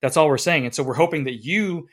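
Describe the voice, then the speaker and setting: A man hosting a podcast interview, making emphatic points and asking halting questions. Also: fairly high pitch. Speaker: podcast host. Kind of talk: conversational interview.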